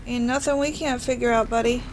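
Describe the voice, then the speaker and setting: A woman with a fairly high voice gives casual let's-play commentary, chatty and dryly sarcastic, at times dropping to a whisper. A clear layer of noise sits behind her voice. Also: fairly even intonation, brisk. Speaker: gaming streamer.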